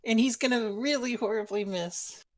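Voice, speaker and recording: A woman's voice: fairly high pitch, normal speed. A woman narrating as game master in a casual online tabletop game, easygoing and descriptive.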